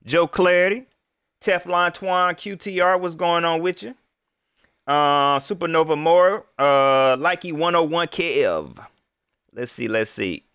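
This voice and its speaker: A young man hosting a live stream, chatting casually and giving loose, slangy shout-outs to viewers. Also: on the high side, slow, clean tone, dry recording. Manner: loose, slangy, rambling, lively.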